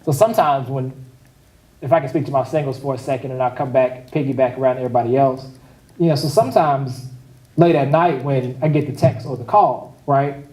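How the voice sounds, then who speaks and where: A man's voice: medium pitch, a little fast, a little mellow, recorded from a distance. A man preaching a conversational sermon as pastor, speaking casually and making joking asides to the congregation. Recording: echoey hall, voice picked up from afar.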